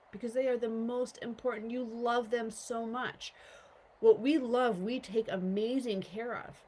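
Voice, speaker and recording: A woman's voice: mid-range voice, slight background noise, rough recording. A woman coach giving a casual motivational talk to viewers, often stopping to ask "okay?" and "right?".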